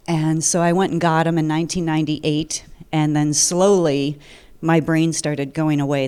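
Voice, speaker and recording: A woman's voice: sits low, darkish tone, clean tone. A woman in her fifties from the Detroit area, telling her personal story at a seminar in a chatty, humorous way. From Detroit area, USA. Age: 50s.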